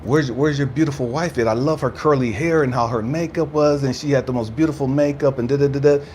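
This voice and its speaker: A man's voice: mid-range voice, steady tone, fast talker, a little mellow, slight background noise, voice pushed up, close to an everyday voice. A man voicing an effusive, chatty male store clerk in a somewhat raised, gushing voice. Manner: gushing, admiring.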